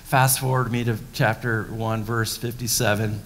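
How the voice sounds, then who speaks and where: A man's voice: on the low side, flat delivery, normal speed, a little hiss or hum. A male pastor preaching a sermon in a conversational, emphatic way. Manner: conversational, emphatic, acting out scenes. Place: church sanctuary. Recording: long reverb of a church hall.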